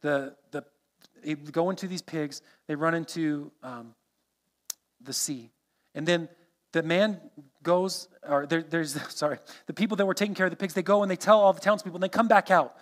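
Male preacher, high voice, earnest verse-by-verse sermon. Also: steady tone, moderate pace. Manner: earnest, explains scripture verse by verse. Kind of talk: expository sermon.

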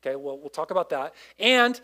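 A man's voice: a little high, lively intonation, a little fast, bright, forceful tone. A man giving a casual, conversational sermon as a youth pastor, often asking his listeners questions.

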